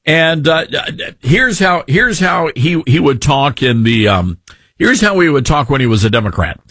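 A man's voice: on the high side, big pitch swings, moderate pace, fairly bright tone, slightly rough, no room sound. A man with a Southern accent hosting talk radio, ranting sarcastically in an opinionated way.

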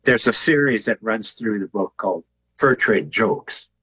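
Older man, husky voice, easygoing storyteller, interview guest. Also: lowish voice, a little slow, rough recording. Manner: relaxed storyteller who jokes. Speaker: author and artist, interview guest.

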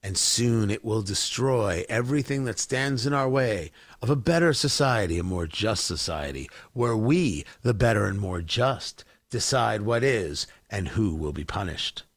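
A man voicing a scheming male revolutionary leader who gloats in a slow, hushed, sinister tone. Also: fairly low pitch, lively intonation, no room sound, pitched below the performer's own voice. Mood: gloating.

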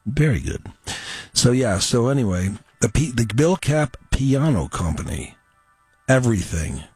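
Husky radio guy, jokey chat and slow phone-number ad reads. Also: medium pitch, big pitch swings, darkish tone, dry recording, soft background music. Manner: chatty, jokey, drawn-out number reading. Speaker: radio host.

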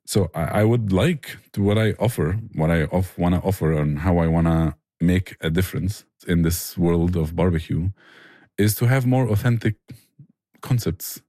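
A very low-pitched man talks about his barbecue cooking in an interview. His voice is dark and mellow, and it sounds dry and close. He speaks earnestly and eagerly, restarting phrases as he goes. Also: normal speed, dry recording. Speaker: barbecue restaurant owner, guest. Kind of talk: conversational interview answers.

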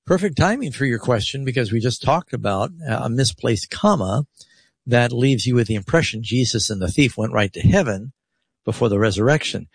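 A man's voice: medium pitch, animated, brisk, vocal fry, breathy edge, dry recording. A man hosting a radio call-in show, explaining Bible verses with strong rhetorical emphasis. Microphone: studio radio mic.

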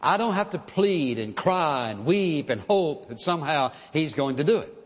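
A man's voice: fairly high pitch, expressive, normal speed. A man preaching a sermon in an earnest, emphatic way, sometimes acting out pleading prayers. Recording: dull sound with long hall reverb.

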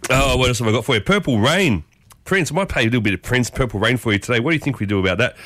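An Australian man hosts a morning radio show in a dry, close studio. His voice sits in a middle pitch, and he talks in a lively, chatty way, calling his listeners folks. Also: racing, no echo. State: coughing. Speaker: radio host.

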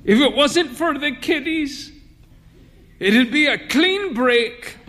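A man's voice: mid-range voice, slow pace, big-room sound, lightly acted. A man reading the lines of a bitter, self-pitying middle-aged husband at a bar. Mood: rueful.

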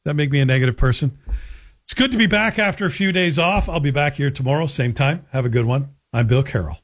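A man's voice: mid-range voice, fast, a bit bright. A middle-aged man hosting a talk radio show in a chatty, joking monologue. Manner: chatty, joking, self-deprecating. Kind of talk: casual monologue.

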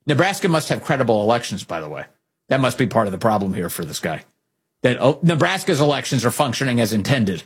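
A man hosting a political talk show, delivering sarcastic, animated commentary. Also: mid-range voice, fast talker, slightly rough. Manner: animated, sarcastic, mimics opponents.

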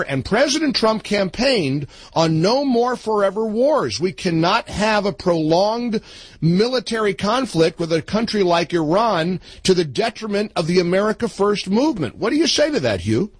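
A man's voice: sits high, very animated, moderate pace, slightly rough, no room sound, rough recording. A man hosting a political talk radio show. He interviews a guest in a chatty, teasing way, often stopping and restarting his sentences.

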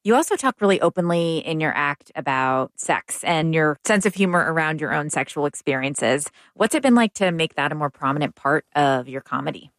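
A woman hosting an interview, asking calm, curious questions. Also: low-pitched, fairly quick, hardly any pauses, dry recording. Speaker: interview host.

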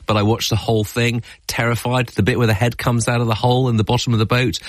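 A man who is a business editor co-hosting a podcast, narrating and chatting in a measured, conversational way. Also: mid-range voice, little pitch movement, no echo. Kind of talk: scripted podcast narration and chat. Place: studio. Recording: dry close studio mic with faint music.

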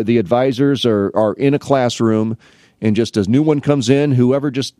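A man's voice: mid-range voice, a little mellow, no echo, studio quality. A middle-aged man from the Midwest United States, an academic advisor, tells rambling anecdotes in a casual monologue and acts out both sides of the conversations.

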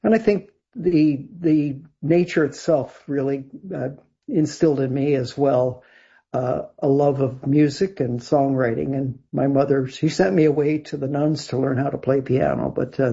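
Gravelly older man telling stories. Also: medium pitch, fairly even intonation, normal speed, dark tone. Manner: rambling, many restarts and fillers, laughs often. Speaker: guest, songwriter and producer. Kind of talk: casual interview storytelling. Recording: dull lo-fi sound.

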